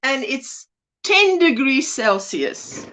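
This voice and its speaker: A woman hosts a casual home livestream in a higher voice with lots of swing in it. She takes her time, reads out names, calls people sweetie and laughs easily. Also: sing-song, slow. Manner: greets viewers by name, warm pet names, laughs often. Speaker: livestream host. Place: indoors at home.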